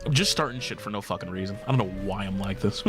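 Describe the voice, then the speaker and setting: A man's voice: on the low side, lively intonation, quick pace. A young man chatting casually while streaming a video game, joking, laughing often and swearing. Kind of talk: casual gameplay livestream chat. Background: game music.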